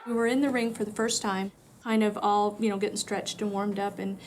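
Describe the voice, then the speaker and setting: A woman's voice: mid-range voice, steady tone, a little fast, a faint crowd, a little hiss or hum, low-quality recording. Woman reminiscing in an interview. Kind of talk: documentary interview.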